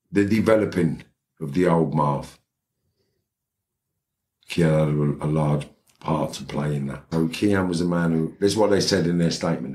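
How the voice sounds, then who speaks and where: London man, middle-aged, very low voice, blunt, streetwise, rambling podcast guest. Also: darkish tone. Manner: blunt, streetwise, rambling with restarts and "right?" asides. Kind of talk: casual storytelling in a podcast interview.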